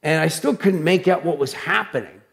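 A male pastor with a high, gravelly voice delivers his sermon. He talks loudly and with animated drama, throwing himself into his stories. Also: normal speed. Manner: loud, animated, dramatic storytelling. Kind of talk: sermon with personal storytelling.

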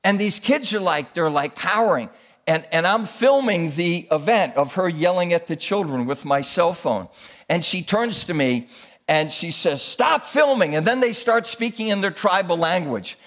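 Animated preaching man in his sixties. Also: high voice, moderate pace. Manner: animated storytelling preacher, rising to exhortation. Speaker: pastor. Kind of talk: sermon.

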